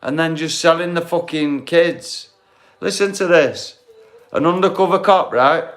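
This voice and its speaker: A man's voice: a little high, measured pace, fairly bright tone. A man hosting a live stream, chatting bluntly with viewers, heated and swearing freely. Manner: blunt, heated, swears, talks straight to the chat.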